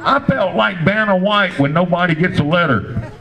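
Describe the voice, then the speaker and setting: An older man doing a standup comedy set, telling crude, rambling stories in a deadpan way. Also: high voice, moderate pace, creaky, over music, low-quality recording.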